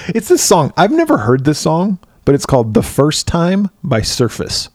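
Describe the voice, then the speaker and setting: A man's voice: fairly high pitch, wildly swooping pitch, normal speed, a little mellow, no room sound, clean studio sound. A man co-hosting a casual movie podcast, joking around and laughing often. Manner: joking, laughs often, slips into mock voices. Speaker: podcast co-host.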